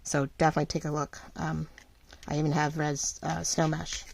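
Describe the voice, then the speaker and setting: A middle-aged woman running a small shop, chatting casually and rambling while she crafts, full of fillers and lively ups and downs. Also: deep voice, fairly quick, gravelly, slight background noise. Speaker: craft vlogger and shop owner.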